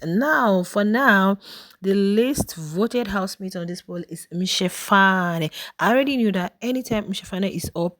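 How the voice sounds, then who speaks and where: A woman's voice: medium pitch, no echo. A woman with a South African accent hosting a YouTube channel, chatting casually to viewers about reality show voting polls. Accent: South African English. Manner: chatty, direct address to viewers. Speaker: YouTube host.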